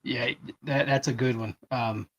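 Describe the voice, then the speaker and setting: A man's voice: medium pitch, fairly even intonation, a little slow, lo-fi sound. A man co-hosting a livestream, chatting casually and asking questions about the setup. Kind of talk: casual chat.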